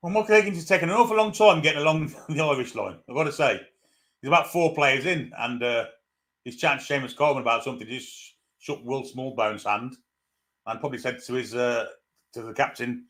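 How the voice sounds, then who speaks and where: A man's voice: mid-range voice, brisk, fairly bright tone. A man casually commentating a football match live, greeting viewers and reading their comments aloud. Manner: chatty, greets viewers, reads chat aloud. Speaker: live stream host.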